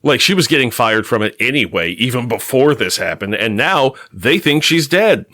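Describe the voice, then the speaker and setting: Male podcast co-host, mid-pitched, sarcastic and jokey, close and dry sound. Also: lively intonation, pushed and bright, dry recording. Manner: sarcastic and jokey, with quick asides. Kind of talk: casual comic-book podcast chat.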